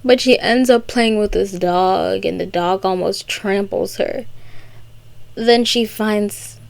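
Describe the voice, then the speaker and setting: A woman's voice: medium pitch, slow pace, gravelly. A young woman recapping a story for comedy, with sarcastic, rambling asides. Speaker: video creator.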